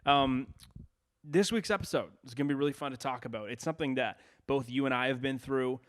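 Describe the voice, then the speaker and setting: A man's voice: medium pitch, fairly quick. A young man co-hosting a casual podcast, talking in an upbeat, chatty way with plenty of fillers. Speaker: podcast co-host.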